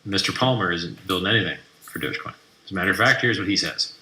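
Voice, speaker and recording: A man's voice: sits low, animated, fast talker, gravelly, sharp tone, a little hiss or hum. A man hosting a live stream, brashly mocking and trash talking as he reads through posts. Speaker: livestream host. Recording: roomy echoey room.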